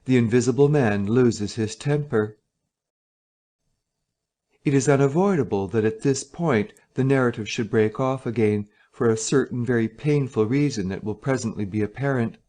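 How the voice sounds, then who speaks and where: A man narrating a story slowly and clearly for English learners. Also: mid-range voice, dark tone. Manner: slow, clear, measured reading.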